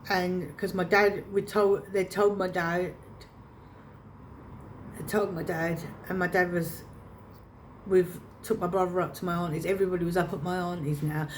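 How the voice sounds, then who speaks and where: Woman vlogger, low-voiced, choked up, replaying her own past words. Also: little pitch movement, moderate pace, a little hiss or hum. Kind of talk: personal storytelling to camera.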